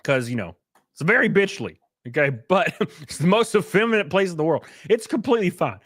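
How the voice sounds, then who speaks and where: A man hosting his livestream in casual chat, loud and joking, who breaks into sudden yelps of excitement. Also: high-pitched, fairly quick, no echo, studio quality. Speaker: streamer host.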